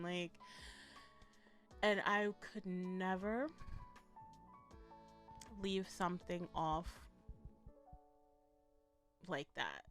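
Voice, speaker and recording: A woman giving a blunt, animated, profane commentary in a casual vlog, laughing often. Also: mid-range voice. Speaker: vlogger reviewing a documentary.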